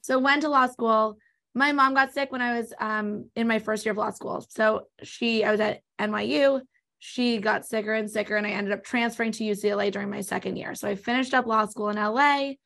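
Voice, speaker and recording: A woman with a Californian accent talks quickly as an interview guest. She explains legal planning in a casual, rapid way. Her voice sits a little high. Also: steady tone, gravelly, a bit bright. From born in New York, raised in Los Angeles. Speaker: guest, estate planning attorney.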